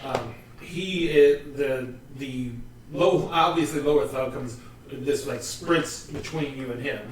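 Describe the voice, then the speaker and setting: A man's voice: medium pitch, takes it slowly, far from the mic, slight background noise. A man narrating as game master, describing scenes with loose restarts. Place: room with several players. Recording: echoey room, mic from afar, group chatter.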